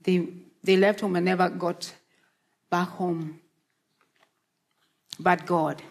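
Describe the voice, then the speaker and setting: A woman preaching a sermon in a slow, earnest, encouraging way, often asking questions of her listeners. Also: lowish voice, steady tone, vocal fry. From Australia.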